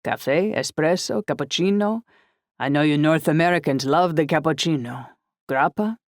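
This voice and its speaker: A woman voicing a warm, welcoming Italian man who hosts a guest, in an audiobook. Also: low voice, normal speed, dry recording, clean studio sound, close to an everyday voice. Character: hospitable middle-aged Italian man, warm host.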